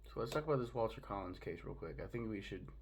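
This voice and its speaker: Fast, foul-mouthed man rambling at home. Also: lowish voice, expressive, a little hiss or hum. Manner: profane, rambling, fast-talking. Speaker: host reviewing a show. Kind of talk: casual solo review monologue.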